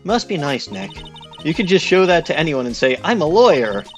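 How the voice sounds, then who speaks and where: A man's voice: on the high side, big pitch swings, a little fast, soft background music, pitched above the performer's own voice. A man doing a perky girl spirit medium, Maya. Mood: teasing. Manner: reads dialogue aloud in a light put-on girlish voice. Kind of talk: let's play voice acting.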